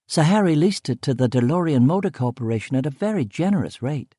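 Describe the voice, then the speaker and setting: A man's voice: fairly high pitch, animated, fast talker, warm tone, no room sound, studio quality, pitched above the performer's own voice. A man putting on a chirpy young office woman. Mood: bright, chatty. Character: bright cheerful young woman, factory office worker.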